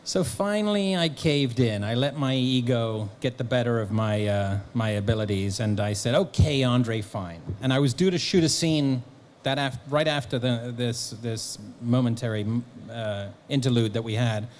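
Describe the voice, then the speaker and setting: Animated male storyteller at a fan Q&A. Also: mid-range voice, moderate pace, few pauses, a little hiss or hum. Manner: animated storyteller, acting out quotes. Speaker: guest actor and author. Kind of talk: anecdotal convention Q&A. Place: convention hall.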